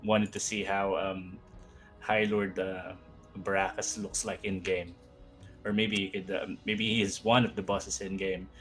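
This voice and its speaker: Deep, flat-voiced hesitant man. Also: measured pace, faint music behind, poor audio. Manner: hesitant, many ums and restarts. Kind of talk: casual stream chat.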